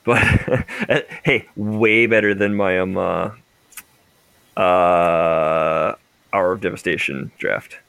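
A man's voice: sits low, very slow, creaky, fairly bright tone, smooth, no room sound. A young man co-hosting a casual podcast, rambling and laughing often, restarting his sentences. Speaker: podcast co-host. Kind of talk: casual chat.

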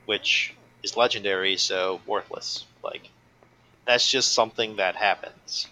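A man's voice: fairly low pitch, steady tone, measured pace, pushed and bright, slight background noise, low-quality recording. A man co-hosting a casual podcast chat, giving analytical, opinionated takes with a lot of "like". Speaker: podcast co-host. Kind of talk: casual chat about a card game.

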